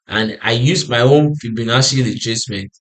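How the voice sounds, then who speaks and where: Man for a trading chart lesson, tired and yawning, mid pitch, keeps repeating phrases and asking himself "what?" before answering. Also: moderate pace, a bit bright. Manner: repetitive, restarts phrases, asks himself "what?" then answers. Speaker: forex trading analyst. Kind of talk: screen-share chart walkthrough.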